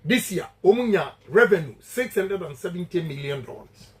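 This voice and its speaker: A man's voice: sits high, animated, moderate pace, rough recording. A man with a Ghanaian accent giving an emphatic campaign speech, repeating his key points and switching between English and Twi. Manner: emphatic, repetitive and declamatory. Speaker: politician addressing supporters.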